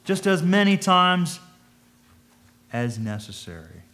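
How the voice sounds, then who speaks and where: A man's voice: high voice, big pitch swings, slow, sharp tone. A man giving a conversational sermon, thinking aloud, asking his listeners questions and reading scripture in old-fashioned wording. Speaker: preacher.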